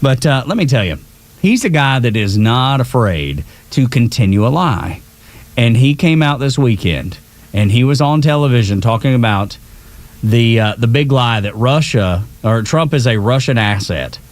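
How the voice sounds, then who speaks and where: A man's voice: medium pitch, animated, moderate pace, no room sound. Chatty man hosting morning radio. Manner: chatty, laughing, many fillers. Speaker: radio co-host. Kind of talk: casual morning radio talk.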